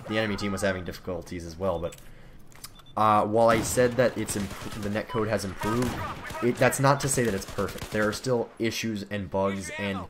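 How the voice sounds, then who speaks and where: A teenage boy with a lowish voice gives casual, rambling, self-deprecating commentary over his gameplay. The background is noisy, with loud video game gunfire.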